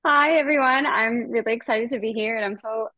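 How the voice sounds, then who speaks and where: A woman's voice: fairly high pitch, a little fast, dry recording, highs cut off. A woman, an actress in the film, speaking eagerly and a bit shyly on a video call. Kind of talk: casual video call chat.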